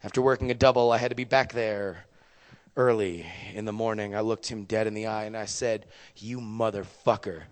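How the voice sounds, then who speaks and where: A young man doing stand-up storytelling, profane and animated, with sudden loud bursts. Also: fairly low pitch, fairly quick, clean tone, in a large hall. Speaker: stand-up comedian.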